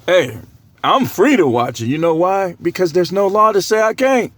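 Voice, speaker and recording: A man's voice: high voice, lively intonation, moderate pace, fairly bright tone, no echo. A man with a cold who coughs now and then, preaching a casual, joking sermon with lots of laughter and slangy banter.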